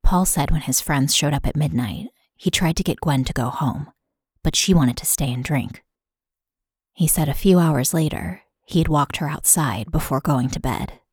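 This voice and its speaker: A woman podcast host reading a scripted true crime narration in a steady, matter-of-fact way. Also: sits low, normal speed, slightly rough, no room sound, studio quality.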